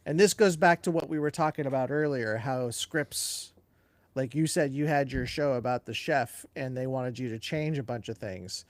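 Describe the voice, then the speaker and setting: A man's voice: mid-range voice, moderate pace, dry recording. A man co-hosting a casual live question-and-answer chat, rambling, laughing often and correcting himself as he goes. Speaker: co-host.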